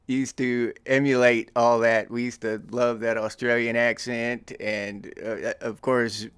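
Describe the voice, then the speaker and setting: A man's voice: mid-range voice, level tone, unhurried, a bit bright, clean tone, dry recording, clean studio sound. A middle-aged American man hosting his own show, teasing and joking in casual commentary with frequent chuckles. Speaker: podcast host.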